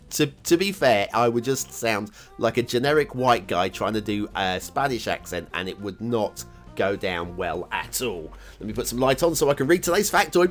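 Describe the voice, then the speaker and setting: A man hosting a game map review show, talking casually in a rambling, chatty way with chuckling asides. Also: medium pitch. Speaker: host reviewing game maps. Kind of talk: casual commentary.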